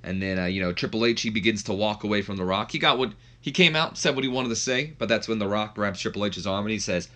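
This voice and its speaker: A man's voice: fairly low pitch, fast, hardly any pauses, pushed and bright. A man hosting a gaming video, recapping a match in a rambling way full of fillers. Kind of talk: casual game commentary.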